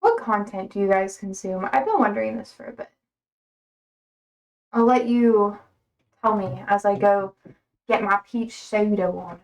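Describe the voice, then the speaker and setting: A woman's voice: mid-range voice, a little slow, long pauses, distant mic. A young woman livestreaming, chatting casually with viewers, rambling with lots of fillers and frequent laughter.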